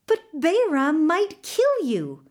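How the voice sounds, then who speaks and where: Earnest young storybook hero, a woman reading, bright-eyed and eager, slow. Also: sits high, very animated, voice pushed up. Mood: alarmed. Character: young man, kind-hearted and easily startled. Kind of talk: storybook narration.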